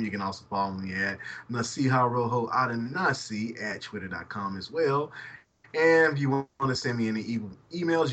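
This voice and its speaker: A man's voice: mid-range voice, pushed and bright. A man co-hosting a podcast, joking and teasing in casual chat. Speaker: podcast co-host.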